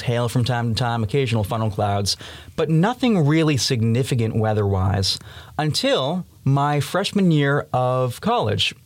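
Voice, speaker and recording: A young man in his early twenties tells stories as a podcast guest, with a voice of ordinary pitch. He talks in a lively way and laughs now and then. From Massachusetts, USA. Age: 20s. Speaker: podcast guest, student storm chaser. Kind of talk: storytelling in an interview.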